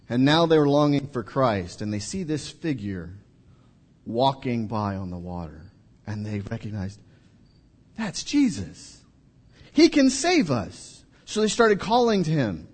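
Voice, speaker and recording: A man preaching a sermon to a congregation in a church hall, telling the story dramatically, acting out voices and dropping to a hush at key moments. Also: medium pitch, animated, a little slow. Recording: reverberant hall.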